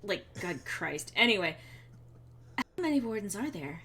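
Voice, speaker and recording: A woman streamer talking casually over a video game at her desk microphone. Her voice sits at a medium pitch, and her remarks are chatty and sardonic. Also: sing-song, normal speed, fairly bright tone, slight background noise. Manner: chatty and sardonic, laughing often. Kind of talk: casual gameplay commentary.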